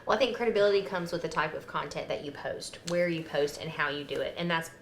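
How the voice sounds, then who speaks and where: A woman's voice: low-pitched, fast talker, roomy sound, slight background noise. A woman co-hosting a podcast, speaking in a confident, assured way in an office conference room. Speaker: podcast co-host. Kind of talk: casual podcast chat.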